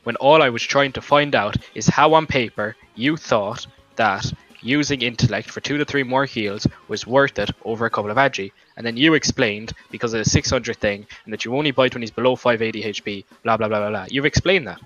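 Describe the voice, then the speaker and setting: A man's voice: mid-range voice, fairly quick, a bit bright. A young man arguing in a gaming voice chat, swearing, rambling and defending his logic. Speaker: gamer in voice chat. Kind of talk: heated voice chat argument. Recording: lo-fi voice chat mic with faint music.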